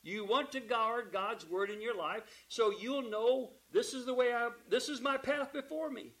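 A man preaching a sermon, emphatic, asking the congregation rhetorical questions and calling for amens, dropping from loud peaks to quiet asides. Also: very high voice, moderate pace, rough recording.

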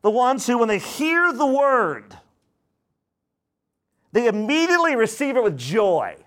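A man with a high-pitched voice preaches a sermon. His delivery is emphatic and dramatic, and he acts out the voices of the people he quotes. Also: big pitch swings, measured pace, a bit bright. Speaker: pastor.

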